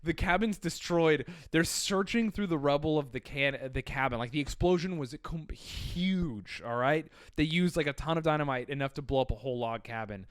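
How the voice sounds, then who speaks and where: A man co-hosting a podcast, telling an animated, profane story in casual chat. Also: a little high, normal speed, hardly any pauses, clean tone, no echo, clean studio sound. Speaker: podcast co-host.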